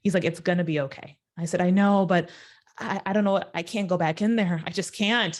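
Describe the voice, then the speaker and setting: A woman guest in an interview telling a personal story, acting out the quoted voices with sudden jumps in pitch. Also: fairly quick.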